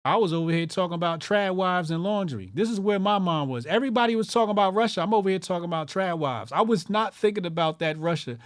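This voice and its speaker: A fairly high-voiced man rants on his call-in show with mockery and constant swearing. He hammers his points home by repeating lines. The sound is close and dry, with no room around it. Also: expressive, fast talker, few pauses, no echo. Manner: loud, profane, mocking, repeats lines for emphasis. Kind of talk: profane ranting commentary.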